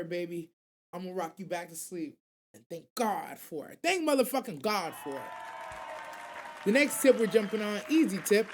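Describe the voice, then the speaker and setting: A woman hosting a casual anime radio show, animated and slangy, rambling and swearing freely. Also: mid-range voice. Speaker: host.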